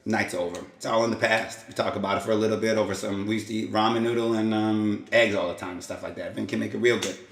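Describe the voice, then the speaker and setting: A man's voice: on the low side, steady tone, fast talker, hardly any pauses, reverberant. A man hosting his own vlog, casually telling a rambling story and acting out quotes and sound effects. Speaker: vlog host.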